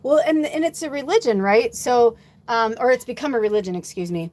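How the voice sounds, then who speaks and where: A woman's voice: a little high, a little fast, a little mellow. A woman hosting a livestream as a spiritual medium, talking casually, rambling loosely and reading out viewer comments. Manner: chatty storyteller, acts out quoted dialogue.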